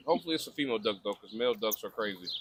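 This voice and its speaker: Lively rambling young man. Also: lowish voice, very fast, a little hiss or hum. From Michigan. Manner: rambling, animated storytelling with repeated restarts. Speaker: podcast co-host. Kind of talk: casual group banter. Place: outdoors by a fire.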